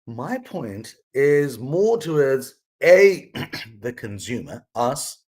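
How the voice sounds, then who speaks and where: A man's voice: mid-range voice, big pitch swings, very slow, a little mellow. A man hosting his own vlog, talking through a life lesson in a casual, rambling, earnest way with frequent restarts. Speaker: vlog host sharing his mother's lessons. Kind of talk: casual reflective monologue.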